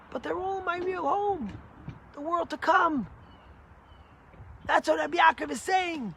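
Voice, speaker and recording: A man, a rabbi, giving a sermon with animated, emphatic storytelling. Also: very high voice, a little slow, pauses often, slight background noise.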